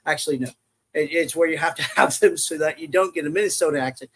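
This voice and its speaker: A middle-aged man chats casually as a podcast guest, spinning long, jokey stories. His voice sits high for a man, and he slips into the voices of the people in his tales. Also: quick pace, a little hiss or hum, rough recording. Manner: rambling, jokey storyteller who acts out quoted voices. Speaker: podcast guest, construction safety worker. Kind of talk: casual storytelling chat.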